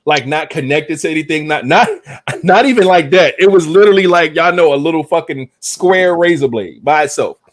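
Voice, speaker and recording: A young man hosting a podcast, telling a profane story in casual, animated talk. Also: fairly high pitch, a little fast. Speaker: podcast host.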